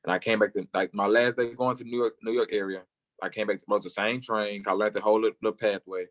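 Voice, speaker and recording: A young man, a football player, telling his story in an interview and acting out the people he quotes, sometimes jumping way up in pitch for their lines. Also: steady tone, fast. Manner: acts out quoted voices, jumping high for other people.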